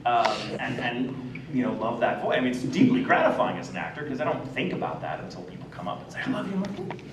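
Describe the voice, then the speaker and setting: A man's voice: mid-range voice, fast, recorded from a distance, background noise. An American man, a voice actor telling stories at a convention panel with lots of laughter. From United States. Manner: animated storyteller, laughs often. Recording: echoey hall recorded from afar.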